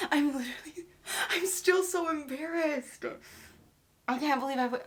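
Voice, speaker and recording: A woman's voice: sits high, moderate pace. Dramatic self-mocking young woman. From Canada. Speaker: vlogger. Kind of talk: casual storytime vlog.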